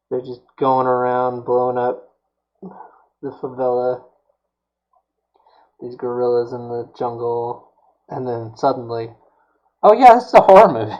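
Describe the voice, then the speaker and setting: A man's voice: medium pitch, muffled recording. Rambling man chatting on a stream. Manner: rambling, chatty, many fillers. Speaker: streamer building a prop. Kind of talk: casual chat while working.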